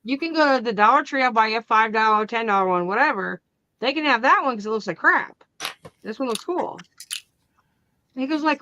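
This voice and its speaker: A woman's voice: on the high side, normal speed, dry recording, highs cut off. Chatty woman telling a family story. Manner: animated storytelling, acting out family arguments. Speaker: crafting channel host. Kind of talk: casual chat.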